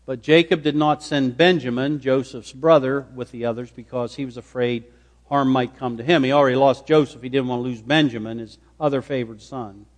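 A man preaching a sermon, retelling scripture dramatically and acting out the speakers' lines. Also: mid-range voice. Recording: long hall reverb.

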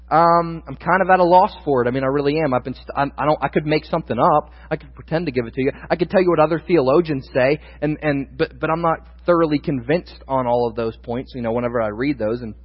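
A man's voice: mid-range voice, husky. A male pastor preaching a sermon, candid and thinking aloud at times, then building to emphatic proclamation. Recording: dull sound with long hall reverb.

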